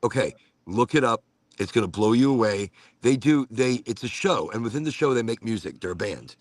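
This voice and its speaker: An American man hosting a casual chat show, rambling and animated, cursing offhandedly as he talks. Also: mid-range voice, fairly quick, dry recording. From United States. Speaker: podcast host.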